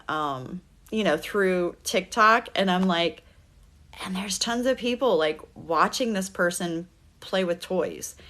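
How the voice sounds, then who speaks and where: Bright-voiced chatty woman streaming live. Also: medium pitch. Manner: rambling, chatty, laughs often, fillers. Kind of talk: casual livestream chat.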